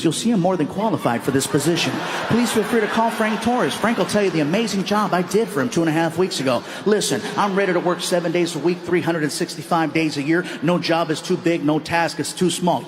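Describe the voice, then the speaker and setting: A comedian putting on a polished, eager job-applicant voice for a stand-up bit. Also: male voice, fairly high pitch, noisy background, natural voice. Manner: overly eager, formal and ingratiating. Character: polished adult man in a job interview.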